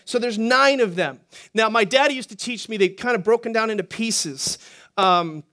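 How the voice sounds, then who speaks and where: A man preaching as a pastor, teaching quickly and energetically and throwing questions to the congregation. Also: high voice. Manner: energetic, talks fast, asks the congregation questions. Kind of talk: sermon teaching.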